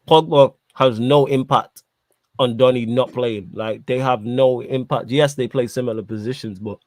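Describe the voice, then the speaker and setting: A man hosting a casual football podcast, talking in animated slang while eating. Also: medium pitch, dry recording. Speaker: podcast host.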